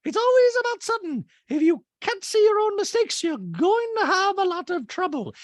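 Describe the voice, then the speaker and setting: A man impersonating a bubbly, dramatic woman in a shrill, sing-song falsetto. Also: big pitch swings, moderate pace, no room sound. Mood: accusing. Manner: squealing, sing-song, exaggerated.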